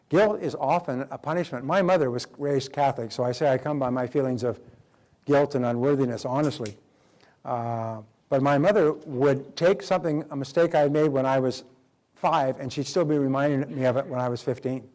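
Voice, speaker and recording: A man's voice: medium pitch, fairly quick, darkish tone. Emphatic male motivational speaker. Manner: emphatic, repeats key phrases, acts out quoted dialogue. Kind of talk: motivational talk.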